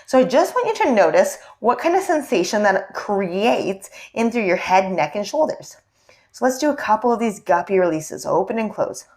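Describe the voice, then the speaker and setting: A young woman leads a yoga class in a gentle, encouraging way, talking through the poses and checking in with questions. Her voice sits at a middle pitch for a woman. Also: big pitch swings, moderate pace. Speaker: yoga instructor. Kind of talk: guided yoga class instruction.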